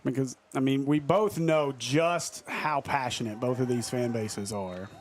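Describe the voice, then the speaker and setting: A man's voice: mid-range voice, measured pace, background noise. A male commentator calling a soccer match live on a broadcast headset, joking and laughing often between calls. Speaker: sports commentator.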